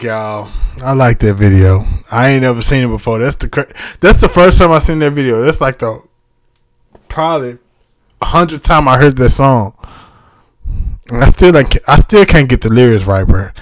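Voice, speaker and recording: A man's voice: medium pitch, dry recording. A man hosting a reaction video, exclaiming and laughing as he chats straight to his viewers. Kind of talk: casual reaction chat.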